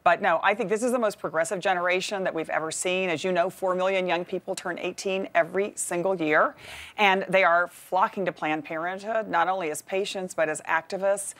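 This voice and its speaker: A woman's voice: on the low side, steady tone, fairly quick, fairly bright tone. Confident woman with a Texas accent. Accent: Texan. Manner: upbeat, confident, with light laughs. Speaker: talk show guest, activist. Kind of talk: interview answers.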